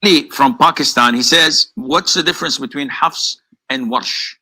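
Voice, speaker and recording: A man giving a measured, explanatory answer to a viewer's question, pausing now and then. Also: fairly high pitch, pushed and bright, slightly rough, poor audio. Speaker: Muslim preacher answering questions. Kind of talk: explanatory lecture.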